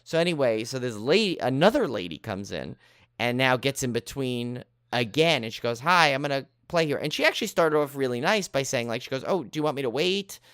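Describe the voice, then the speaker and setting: A man's voice: mid-range voice, fairly quick, clean tone, dry recording, studio quality. Man animatedly telling a story. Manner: animated anecdote-telling, acts out quoted people. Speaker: podcast co-host. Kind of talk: casual storytelling chat.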